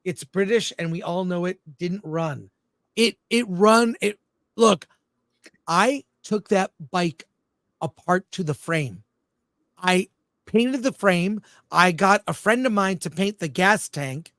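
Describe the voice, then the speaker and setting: A man's voice: high voice, slow, a bit bright, no room sound. A man co-hosting a casual livestream film review show, blunt and jokey, reading viewer comments aloud. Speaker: film critic co-host.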